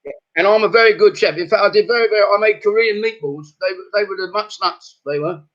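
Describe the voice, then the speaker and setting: Comic on a lo-fi video call. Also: male voice, high voice, fast, a bit bright. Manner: rattles off one-liners, laughs at his own jokes. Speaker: comedian guest. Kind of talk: stand-up jokes in casual chat.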